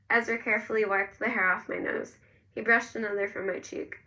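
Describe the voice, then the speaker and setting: A woman narrating a first-person novel in a gentle storytelling manner. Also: medium pitch, fairly even intonation, a little fast, far from the mic, low-quality recording. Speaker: audiobook narrator.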